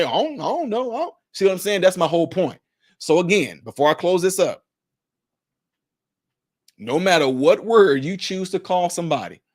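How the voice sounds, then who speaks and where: A man giving emphatic, preachy spoken commentary, repeating his points to hammer them home. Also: fairly high pitch. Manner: acts out what others say in put-on voices. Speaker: commentary vlogger.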